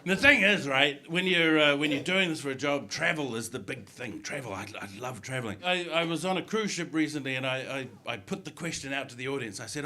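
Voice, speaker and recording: Lively male stand-up comic. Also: mid-range voice. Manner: animated, quick storytelling with acted voices. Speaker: stand-up comedian and voice artist. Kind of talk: stand-up comedy set. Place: comedy club on stage. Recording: live comedy club with audience laughter.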